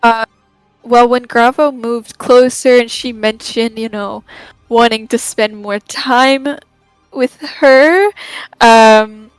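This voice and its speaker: A young woman playing her character in a tabletop game, soft and hesitant. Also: a little high, fairly even intonation, takes it slowly, clear, resonant tone, dry recording, soft background music. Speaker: player.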